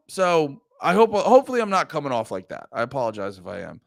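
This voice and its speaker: A man talking casually on a livestream as a political commentator, rambling from quiet mumbles to loud, high-pitched outbursts. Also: huge pitch swings, quick pace, creaky, no room sound.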